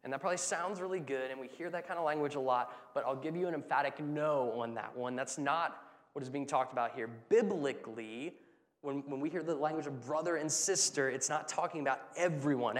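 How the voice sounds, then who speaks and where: A man gives a morning sermon in an easy, conversational way. He keeps asking his listeners short rhetorical questions as he goes. His voice sits at an ordinary pitch and carries a long reverb from the large church hall around him. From United States. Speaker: pastor.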